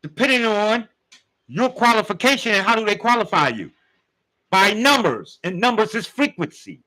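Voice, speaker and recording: A man's voice: high-pitched, lively intonation, normal speed, bright, forceful tone, rough recording. A man giving a casual spiritual talk, using street slang and speaking straight to his listeners. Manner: street slang, conversational, addresses listeners directly. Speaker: spiritual teacher.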